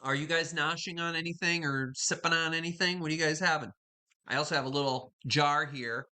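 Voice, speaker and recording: Bright-voiced chatty woman host. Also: low-pitched, a little fast, clean tone. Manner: chatty, rambling, greets viewers by name. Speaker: live stream host. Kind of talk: casual chat with live viewers. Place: home kitchen.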